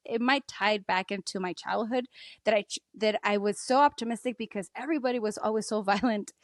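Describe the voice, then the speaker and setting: A woman's voice: fairly quick, no room sound, studio quality. A woman in her thirties guesting on a podcast, talking openly and emotionally, often laughing and quoting her own thoughts. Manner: emotional and open, laughs often, quotes herself in a higher voice. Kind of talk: candid interview talk.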